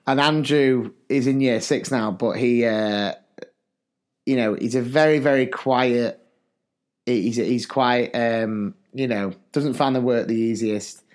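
A man's voice: medium pitch, a little mellow. A man, a teacher co-hosting a podcast, telling rambling classroom stories full of asides. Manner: rambling, chatty, lots of fillers and asides. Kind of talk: casual storytelling chat.

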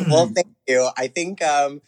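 A man's voice: fairly high pitch, slow. Young guy, bubbly, pronounces every syllable, podcast guest. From New Jersey. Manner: bubbly, crisply enunciated. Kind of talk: casual chat.

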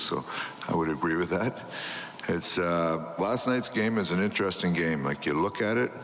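Older man, hockey coach, rumbling low voice, calm plain analysis, faint background noise on the clip. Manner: measured, plain-spoken game analysis. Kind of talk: post-practice media interview.

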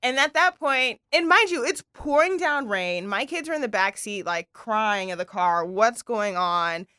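A young adult woman co-hosting a podcast, retelling a story in animated, overlapping casual chat. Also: medium pitch, a little slow, clean tone, no room sound, studio quality. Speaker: podcast co-host.

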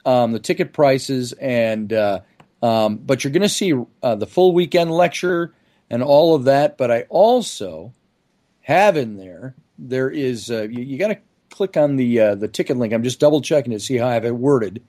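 A man's voice: mid-range voice, lively intonation, normal speed, mellow. A man speaking as a guest in a casual podcast interview, chatty and promotional, stringing together long lists. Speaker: guest, event organizer.

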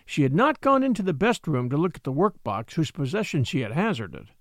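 A man reads an old storybook tale aloud with expressive, unhurried narration. His voice sits a little high for a man and moves lively in pitch. The recording is close and dry, with no room sound. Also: no room sound. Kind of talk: storybook reading.

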